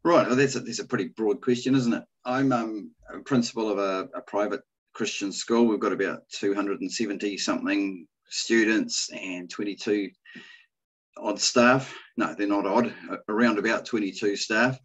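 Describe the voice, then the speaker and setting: A man answers podcast questions in a lowish voice, thoughtful and hesitant, with many fillers. His audio sounds dull and lo-fi, like a remote connection. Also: moderate pace, husky. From New Zealand. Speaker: school principal. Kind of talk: casual podcast interview.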